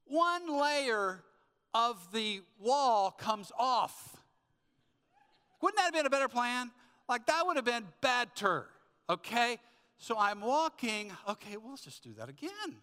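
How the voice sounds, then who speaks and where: A high-pitched man pastor delivers an emphatic sermon full of stories and rhetorical questions. His voice is bright and sharp, and a long reverb hangs in the large church hall around him. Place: church sanctuary.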